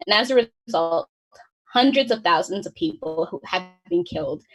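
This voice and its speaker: A woman's voice: lowish voice, lively intonation, faint music behind, rough recording. A young woman in her twenties from the United States, a student organizer giving an earnest prepared speech on a webinar. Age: 20s. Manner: fast, earnest delivery read from notes.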